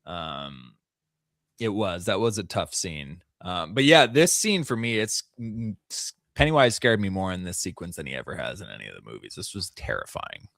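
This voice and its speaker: Man with a low voice, retelling scenes animatedly. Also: normal speed, gravelly, no echo, clean studio sound. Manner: animated storytelling, laughs often. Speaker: podcast host. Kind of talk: casual review chat.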